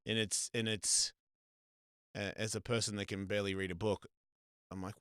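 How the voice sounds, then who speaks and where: A man's voice: on the low side, steady tone, moderate pace, bright, forceful tone, clean tone, dry recording. Australian man, middle-aged, casual host, swears a lot, rambling, close dry mic. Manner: rambling, profane, lots of restarts. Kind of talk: casual chat.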